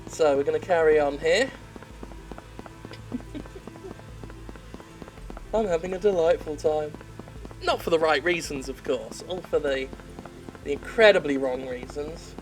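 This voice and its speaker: A woman's voice: sits low, a little slow, pauses often, faint music behind, low-quality recording. A woman game critic giving sarcastic, profane commentary while playing. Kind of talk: sarcastic let's-play commentary.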